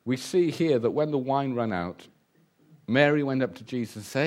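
A man preaching a sermon, lively and humorous, acting out the voices he quotes. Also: medium pitch, normal speed.

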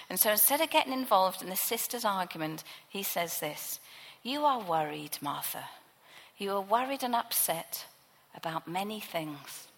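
A woman's voice: medium pitch, fairly bright tone, in a large hall, low-quality recording. A woman preacher giving a sermon, teaching from the Bible in a conversational way.

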